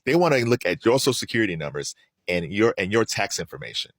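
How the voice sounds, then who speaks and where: A man's voice: on the low side, big pitch swings, fast talker, no echo, studio quality. A man giving heated solo political commentary, asking rhetorical questions and mocking his opponents.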